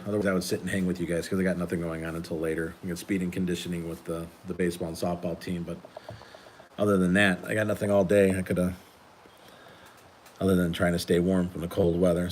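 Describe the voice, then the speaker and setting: A man's voice: low-pitched, slight background noise. A man hosting a casual live stream, talking in an easygoing, rambling way with many restarts. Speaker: host and coach. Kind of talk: casual live-stream chat while sorting cards.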